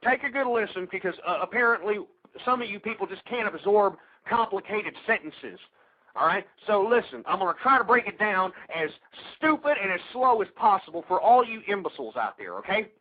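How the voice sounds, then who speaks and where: A man with a high, very animated voice, talking a little fast, hosts a call-in talk radio show and angrily rants about politics, insulting his listeners and stammering through restarts. The recording is dry and sounds tinny, like phone-line radio.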